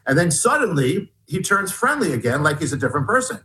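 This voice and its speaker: Man, slightly high-pitched, rambling, halting restarts, interview guest, animated storytelling. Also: poor audio. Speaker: author and guest.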